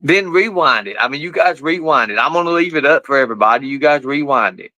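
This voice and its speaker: A man chatting casually on a live stream, talking to his pets and viewers in rough, colloquial speech and swearing freely. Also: fairly high pitch, expressive, fast, bright, forceful tone, no room sound, poor audio.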